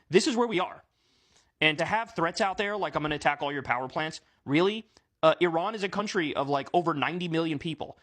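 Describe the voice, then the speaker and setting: A man's voice: a little high, fairly bright tone. A man giving a casual, indignant political rant, using plenty of fillers and swearing, with exasperated outbursts. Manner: profane, filler-heavy. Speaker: political commentator.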